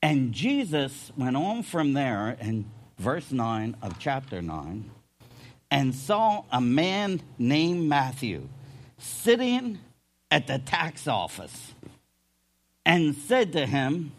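An older man preaching a sermon in a folksy way, swinging between loud emphasis and quiet asides. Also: mid-range voice, wildly swooping pitch, slow pace. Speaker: pastor.

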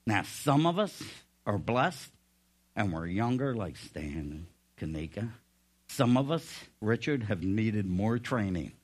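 A male pastor preaching a sermon, telling stories with folksy humor in an animated way. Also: on the low side, takes it slowly.

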